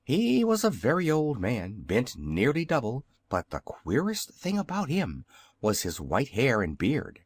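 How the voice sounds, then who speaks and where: A man narrating a children's audiobook in a measured, expressive reading style. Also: mid-range voice, breathy edge, no echo. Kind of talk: scripted narration.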